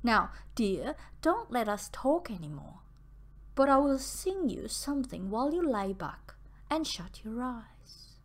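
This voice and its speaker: Storybook part: sensible young cousin, read by a woman, firm, bright and animated. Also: a little high, measured pace, full character voice. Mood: brisk. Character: brisk, sensible young woman, kindly teasing.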